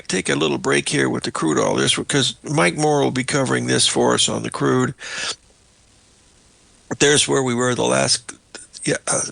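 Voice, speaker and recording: Creaky and sharp with a breathy edge, this older man's medium-pitched voice is recorded dry. As host of a market show, he talks through charts live in a meandering, homespun manner, calls his audience "folks," and sounds a bit choked up.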